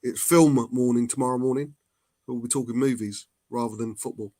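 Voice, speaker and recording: Relaxed man, mid pitch, casual swearing, fan-show co-host. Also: fairly quick, no echo. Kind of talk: casual chat.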